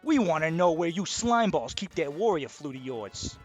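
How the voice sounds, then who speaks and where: A man voicing a gang of gruff male platypus mobsters with a tough-guy gangster drawl. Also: fairly high pitch, very animated, normal speed, darkish tone, faint music behind. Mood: menacing.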